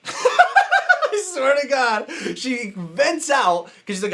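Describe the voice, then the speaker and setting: A man, a business coach, telling a story casually and acting out the quotes with sudden jumps in pitch. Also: wildly swooping pitch, measured pace, background noise.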